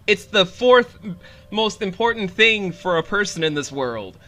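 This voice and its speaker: Bright-voiced, profane young male streamer. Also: sits high, normal speed. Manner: animated, profane and rambling. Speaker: game streamer. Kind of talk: casual livestream commentary.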